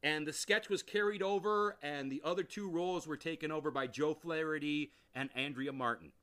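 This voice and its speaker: A man's voice: a little high, moderate pace, fairly bright tone. A man hosting a podcast, giving an enthusiastic, rambling review and repeating phrases for emphasis. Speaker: podcast host. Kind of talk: casual review monologue.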